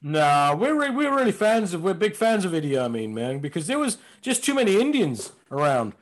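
A man's voice: sits high, big pitch swings, brisk. A man in his fifties from London, a comedian and impressionist, chatting in a rambling, self-mocking way. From London, England. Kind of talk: casual podcast chat.

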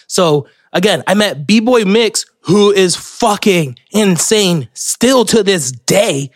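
Alone on his podcast, a young Florida man wanders from story to story, swearing, cutting himself off, and restarting. He talks slowly in a somewhat high, animated voice, picked up close and dry on the mic without echo.

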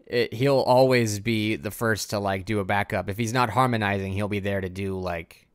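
A man's voice: on the low side, steady tone, normal speed, clear, resonant tone, no room sound, studio quality. A tired man co-hosting a podcast, rambling through a casual music discussion with lots of filler words. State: tired, yawning. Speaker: podcast co-host.

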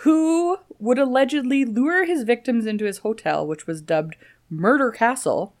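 A woman's voice: a little high, moderate pace. A woman, co-hosting a podcast in casual chat and telling stories playfully. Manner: playful, animated storytelling. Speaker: podcast co-host.

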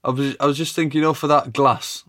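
A man's voice: medium pitch, flat delivery, fast talker, a bit bright. A man co-hosting a casual comedy podcast chat, laughing often and teasing his friend. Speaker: podcast co-host.

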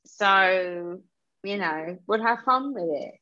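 A woman co-hosting a podcast in casual chat. She is blunt and animated and says "like" a lot. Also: medium pitch, slow, muffled recording. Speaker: podcast co-host.

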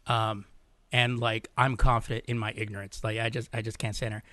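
A man co-hosting a podcast, chatting casually in a relaxed way. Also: on the low side, brisk, no room sound. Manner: relaxed, laughs often, short agreeing replies. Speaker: podcast co-host. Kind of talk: casual chat.

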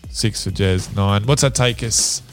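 A man's voice: fairly low pitch, a little slow, faint music behind. A man hosting a casual podcast quiz, bantering and laughing with his guests. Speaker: quiz host.

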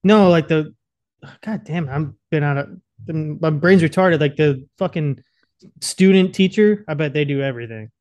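A man's voice: fairly high pitch, moderate pace, a little mellow. A young man co-hosting a podcast, crude and profane, often stumbling over his words. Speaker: podcast co-host. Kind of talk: casual chat.

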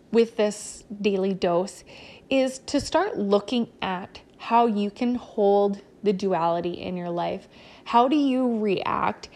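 A woman's voice: medium pitch, mellow. A woman hosting her own podcast as a business coach, talking candidly and casually, with many "like" and "you know" fillers and the odd swear word. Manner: occasional swearing. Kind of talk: motivational solo podcast talk.

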